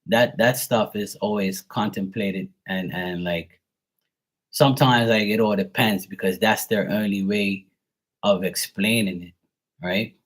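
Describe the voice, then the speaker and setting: Blunt, profane man with a husky voice. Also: fairly low pitch, steady tone, a little slow. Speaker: psychic medium and tarot reader. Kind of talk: casual livestream rant.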